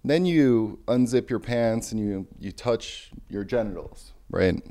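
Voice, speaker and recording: Young man in a deadpan mock rant. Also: fairly low pitch, slow pace.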